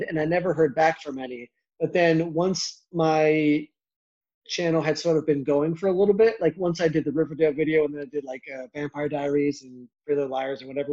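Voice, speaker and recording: Chatty young man with a higher voice. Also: darkish tone. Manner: quick, chatty, lots of "like" fillers. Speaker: YouTuber guest. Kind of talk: casual interview chat. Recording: dull lo-fi sound.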